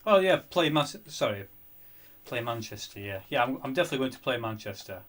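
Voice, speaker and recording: A man's voice: medium pitch, animated, fairly quick, a bit bright. A man chatting casually on a live gaming stream, often muttering to himself as he plays.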